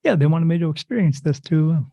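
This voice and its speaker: A man's voice: a little high, quick pace, gravelly, no echo. A man who is a guest on a podcast, chatting casually and telling stories in a rambling way, often restarting his sentences and acting out what others say. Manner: animated storyteller who acts out the voices of others in his stories. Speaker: podcast guest, spirit medium. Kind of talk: casual interview chat.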